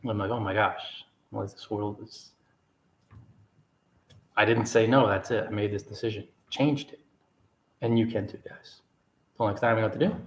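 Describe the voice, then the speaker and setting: A man's voice: on the low side, moderate pace, long pauses, slight background noise. A man in his forties, a blogger hosting his own vlog, talking casually from an apartment and often correcting himself as he goes. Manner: rambling, self-correcting, upbeat. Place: apartment overlooking a river. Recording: roomy echo.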